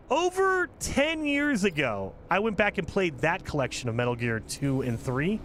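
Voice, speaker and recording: A man giving casual gameplay commentary as a channel host, talking in an animated, exasperated rant. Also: a little high, slight background noise.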